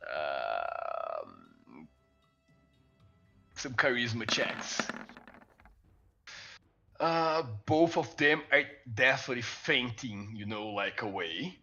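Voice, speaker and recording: A man's voice: mid-range voice, sing-song, very slow, gravelly, long pauses, bright, forceful tone, highs cut off, faint music behind. A man narrating as dungeon master in a casual tabletop game, laughing often and stumbling over his words. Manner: laughs often, fillers and restarts.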